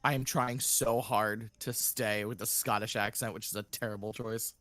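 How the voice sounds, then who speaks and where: A man playing a tabletop game who chats quickly and mocks himself. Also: on the low side, fairly even intonation, crowd noise. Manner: quick, self-mocking, chatty. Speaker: player. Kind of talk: casual tabletop play.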